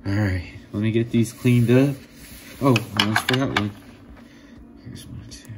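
A man with a low, gravelly voice talks slowly and casually while showing off handmade jewelry. He sounds excited and amazed, often laughing. Clear workshop noise sits behind him throughout. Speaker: jewelry maker.

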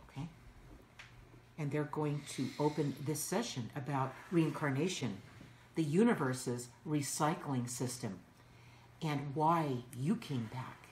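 A woman hosting a spiritual session, guiding listeners in a soothing, instructive way. Her voice sits low and she speaks unhurriedly. The room sounds echoey around her. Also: a little mellow, a little hiss or hum. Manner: soothing, instructive, repeats cues like "okay". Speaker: host of a channeling show. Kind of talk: guided spiritual talk.

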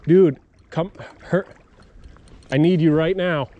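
A man filming himself outdoors on a river while fishing, talking excitedly to his viewers and calling out to a friend. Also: on the high side, slow, phone-quality sound. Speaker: fishing vlogger.

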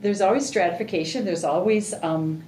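A woman's voice: mid-range voice, normal speed, a little mellow. A woman taking part in a book discussion, speaking in an offhand way. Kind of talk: casual discussion. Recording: roomy room, faint noise.

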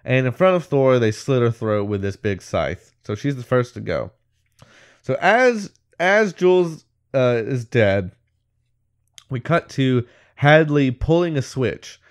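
A man's voice: mid-range voice, lively intonation, takes it slowly, smooth. A man co-hosting a podcast, casually recapping a movie scene by scene, rambling with lots of filler words and laughing as he goes. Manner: rambling, full of "like" and "whatever", laughs mid-sentence. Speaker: podcast co-host.

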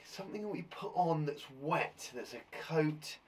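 A man's voice: a little high, expressive, measured pace, a little mellow, slightly rough. A playful man, a young adult primary school teacher giving a live online lesson for children with theatrical, chatty reactions.

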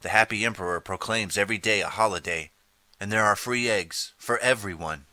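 A man narrating an interactive audiobook in steady, scripted second-person storytelling. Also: on the low side, a little fast, no echo. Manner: steady storytelling, reading out page choices.

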